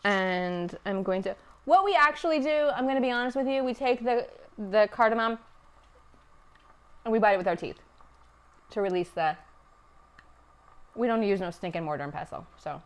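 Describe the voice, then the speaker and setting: A woman from Afghanistan talks through a recipe on a live cooking stream from her home kitchen. Her voice sits at a middle pitch, and her delivery is chatty and wry, with teasing asides. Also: moderate pace, pauses often, smooth. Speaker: cooking show host.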